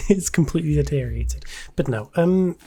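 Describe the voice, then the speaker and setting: A woman's voice: low-pitched, expressive, moderate pace, over a noisy crowd. A woman hosting a casual podcast chat, talking in a hesitant way, often trailing off and repeating herself. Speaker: podcast host.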